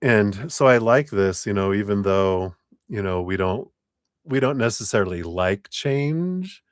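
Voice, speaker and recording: A man's voice: on the low side, animated, a little slow, clear, resonant tone, no room sound, clean studio sound. A man giving a live-stream tarot reading in a chatty, laughing, rambling way. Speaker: tarot reader. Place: home room with air conditioner.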